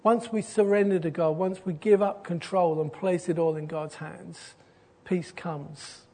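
A middle-aged pastor delivers an earnest sermon in a notably high voice. He exhorts gently and drops to a hushed, inviting tone as he draws his listeners in. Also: fairly even intonation, a little slow, gravelly.

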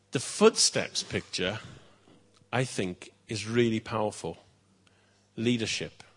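A male pastor telling a story to children in church, lively, with chatty asides. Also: medium pitch, slightly rough.

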